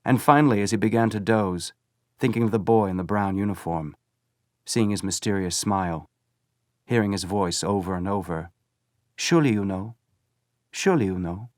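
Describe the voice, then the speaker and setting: A man reading a novel aloud as an audiobook narrator, measured and steady. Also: lowish voice, no room sound, studio quality. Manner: measured storytelling. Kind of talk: scripted narration.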